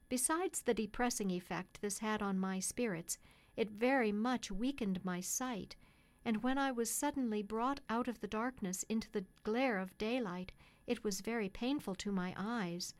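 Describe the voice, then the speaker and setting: Woman reading an old storybook aloud, calm and measured, fairly high voice. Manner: calm, measured, first-person. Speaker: audiobook reader. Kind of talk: scripted storybook narration.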